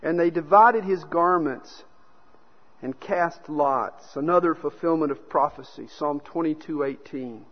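A man's voice: on the high side, a little slow, slightly rough. A man preaching a sermon, telling stories and acting out the quoted speakers. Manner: storytelling preacher who acts out quotes. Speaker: pastor. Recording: dull sound with long hall reverb.

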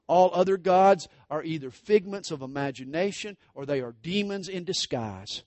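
A man preaching a sermon, expounding scripture and praying aloud, swinging between loud declarations and hushed asides. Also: fairly high pitch, animated, moderate pace, no room sound.

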